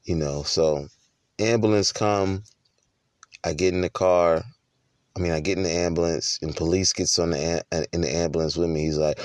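A man with a very low voice recounts his own story candidly in a loose, conversational monologue, often restarting his sentences. The sound is dry and close. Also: normal speed, dry recording. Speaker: husband and father.

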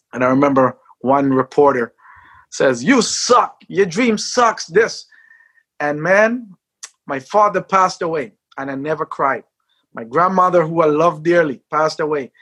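In an interview, a man who used to sprint recounts his life, acting out quoted lines and shouting at the high points. His voice is a little high and husky.

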